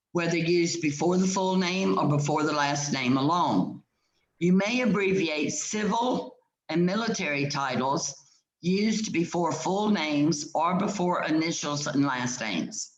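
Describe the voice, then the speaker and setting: A woman teaching a grammar class, speaking patiently and slowing down to spell out each rule. Her voice sounds roomy, with a clear echo around it. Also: on the low side, muffled recording.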